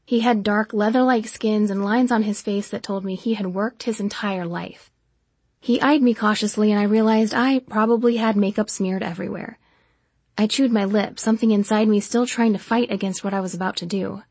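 Woman, audiobook narrator, husky, emotional first-person reading, intimate, dry sound. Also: medium pitch, fairly even intonation, darkish tone, no room sound. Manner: emotional, intimate, slows for dialogue.

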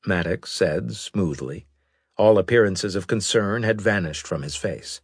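A man narrating an audiobook in a steady, even storytelling manner. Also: lowish voice, a little slow, slightly rough, no echo, studio quality. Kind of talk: scripted narration.

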